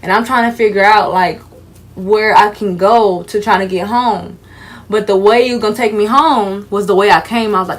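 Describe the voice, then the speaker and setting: A young woman with features, telling a casual storytime vlog in a chatty, animated way, sounding tired. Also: mid-range voice, fairly quick. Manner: chatty, animated storytelling with frequent fillers and asides. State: tired, sleepy. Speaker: vlogger.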